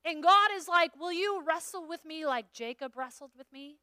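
A woman's voice: very high voice, normal speed, sharp tone, no echo. A middle-aged woman preaching at a conference in a chatty, storytelling way, acting out her own thoughts. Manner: conversational, acts out her own inner dialogue. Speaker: pastor. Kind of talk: conference sermon.

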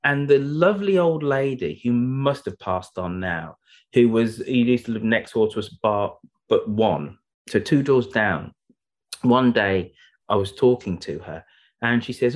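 A man's voice: mid-range voice, expressive, unhurried. A man with a Brummie accent, co-hosting a podcast and telling chatty, jokey anecdotes. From England. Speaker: podcast co-host. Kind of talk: casual chat.

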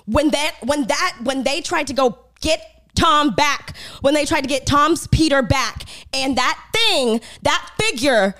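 A young woman with a high voice co-hosts a casual podcast. Her pitch swoops widely as she retells moments dramatically. She swears freely and talks with big emphasis. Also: a little slow. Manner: animated, swearing, dramatic storytelling. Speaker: podcast co-host. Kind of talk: casual chat.

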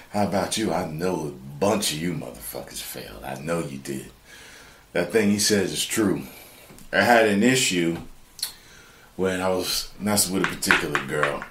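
Reaction host: a man with a low, lively delivery, profane and joking, in an echoey room. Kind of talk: casual reaction commentary.

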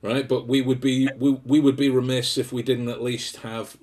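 A man's voice: medium pitch, level tone, normal speed, darkish tone, slight background noise. A man co-hosting a podcast in casual comedic chat, jokey and self-mocking, rambling with restarts. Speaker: podcast co-host.

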